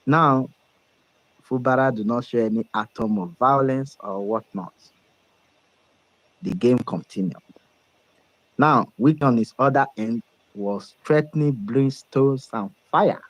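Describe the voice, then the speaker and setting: A man's voice: medium pitch, slow, long pauses, no echo, rough recording. A man with a Nigerian accent giving emphatic, confident political commentary.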